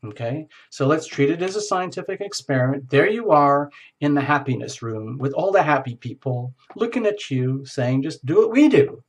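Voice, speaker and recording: A man's voice: medium pitch, lively intonation, normal speed. A man giving a casual tarot reading in a playful, theatrical way, acting out little scenes as he goes. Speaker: tarot reader.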